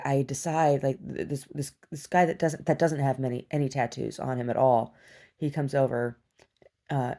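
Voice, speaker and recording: A woman recounting a disturbing dream in a personal video diary, talking haltingly with many restarts. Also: very deep voice, vocal fry, warm tone. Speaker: survivor sharing a personal story.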